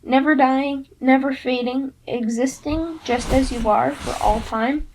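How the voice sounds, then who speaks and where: A patient, kindly old teacher who explains things with careful formality, as a woman reader puts him on. He sounds calm and measured. The voice sits somewhat high. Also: slight background noise, poor audio. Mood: gentle. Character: kindly, patient older male teacher and mentor.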